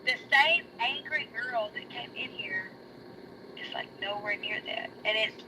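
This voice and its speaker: A woman sharing her recovery story in casual chat, emotional and rushed, her voice cracking high. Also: bright, forceful tone, slight background noise, poor audio. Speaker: guest. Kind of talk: casual personal testimony.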